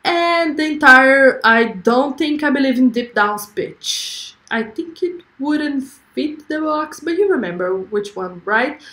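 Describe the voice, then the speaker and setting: A woman's voice: sits high, animated, slow pace, hardly any pauses, pushed and bright, roomy sound. A young woman hosting a livestream, chatting effusively and reading viewer comments aloud. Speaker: livestream host. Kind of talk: casual livestream chat.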